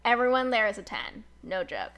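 A woman's voice: mid-range voice, moderate pace. A woman in her twenties telling a personal story in casual chat, full of "like" fillers, acting out the voices of people she quotes. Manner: chatty, fillers like "like", animated retelling with quoted voices.

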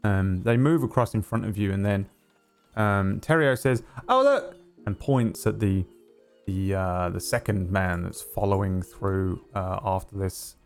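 A man narrating as game master for a tabletop game, halting with many pauses. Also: low-pitched, fairly even intonation, a little mellow, soft background music. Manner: halting, full of ums and uhs.

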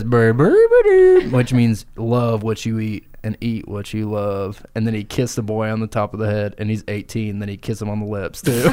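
A man's voice: fairly low pitch, warm tone, a little hiss or hum. A man on a comedy podcast improvising a crude absurd story, laughing and throwing in silly noises. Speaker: podcast co-host.

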